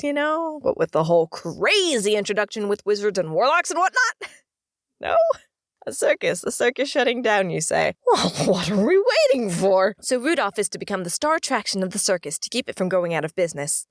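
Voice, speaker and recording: Animated comedic woman reviewer. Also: mid-range voice, no room sound, clean studio sound. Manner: animated, dramatic, given to shrieking outbursts.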